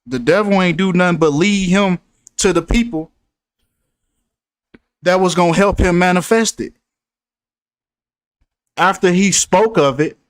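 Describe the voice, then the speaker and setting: A man's voice: sits high, no echo. Man preaching over close dry mic. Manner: preachy, repeats himself for emphasis. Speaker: host. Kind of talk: casual commentary.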